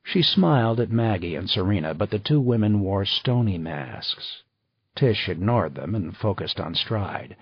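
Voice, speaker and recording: A man reading audiobook narration in an even, measured way. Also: lowish voice, husky, no echo. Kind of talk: scripted narration. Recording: slightly dull dry recording.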